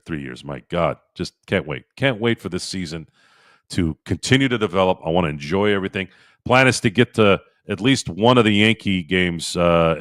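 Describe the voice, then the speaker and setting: A middle-aged man hosting a casual sports live-stream, excitable and animated, answering viewers in chat. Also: low voice, no echo, clean studio sound. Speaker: sports podcast host.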